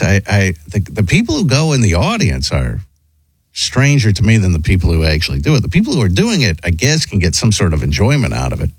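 A man hosting a radio talk show, chatting casually and reading listener emails aloud, wondering aloud with quick asides. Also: on the low side, huge pitch swings, husky, no echo.

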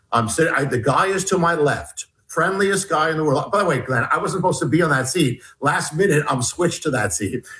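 A man, an author and guest, earnestly recounting a personal story in an interview with halting restarts, re-enacting dialogue as he goes. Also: a little high, a bit bright.

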